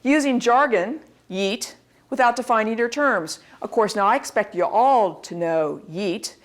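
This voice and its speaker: A woman in her forties giving a recorded course lecture, lively and demonstrative. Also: a little high, unhurried. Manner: lively, demonstrative, acts out examples in varied voices. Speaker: instructor.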